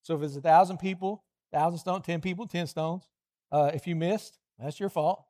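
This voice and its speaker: A man, middle-aged, preaching a lively children's sermon, animated storytelling with playful voiced asides. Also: a little high, moderate pace.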